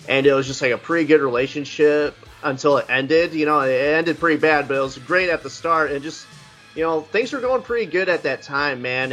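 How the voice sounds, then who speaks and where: A man's voice: mid-range voice, fairly bright tone. A man co-hosting a casual music podcast, laid-back and rambling, often saying "like" and "man". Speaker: podcast co-host. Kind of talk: casual chat about music.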